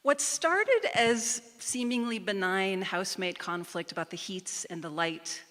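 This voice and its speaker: Woman telling her story on a stage, bright clear voice, big hall echo. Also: on the low side. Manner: measured and emphatic. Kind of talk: live personal storytelling. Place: theater stage at a live storytelling event. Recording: reverberant live hall.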